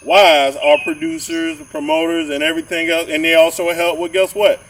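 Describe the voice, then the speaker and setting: A man talks in a loose, rambling way, often stumbling over repeated words and breaking into preachy asides. His voice sits a bit high for a man. He sounds set back from a distant mic, with a faint hiss behind him. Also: expressive, moderate pace, a bit bright. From southern Georgia, US. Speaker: podcast co-host. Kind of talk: casual podcast chat.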